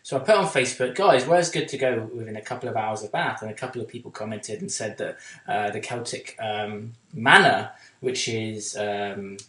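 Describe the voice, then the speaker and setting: A man's voice: medium pitch, normal speed, pushed and bright, distant mic. A man co-hosting a podcast, telling a long casual anecdote with lots of fillers and restarts. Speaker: podcast co-host. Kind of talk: casual storytelling chat. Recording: roomy echo.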